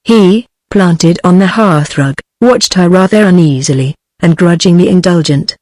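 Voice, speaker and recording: A synthetic woman's voice with a British accent giving a text-to-speech narration of a story, in an even, flat delivery. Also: lowish voice, a little slow, dry recording.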